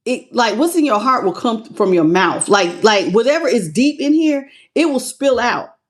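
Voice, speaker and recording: Tarot reader, woman, slightly high pitch, loose and chatty, calls viewers "baby". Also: animated, moderate pace. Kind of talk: casual livestream tarot reading.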